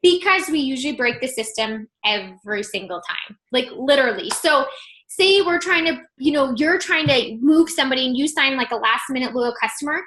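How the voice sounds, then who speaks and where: A woman's voice: sits high, lively intonation, brisk, a bit bright. A woman in her thirties coaching her team on a video call, chatty and upbeat, saying "like" and "you guys" a lot. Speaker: team leader.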